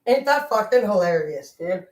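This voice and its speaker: A woman doing a casual tarot reading vlog, rambling into profane, excitable stories about pranks with her brother. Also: mid-range voice, normal speed, roomy sound, distant mic, rough recording. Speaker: tarot reader.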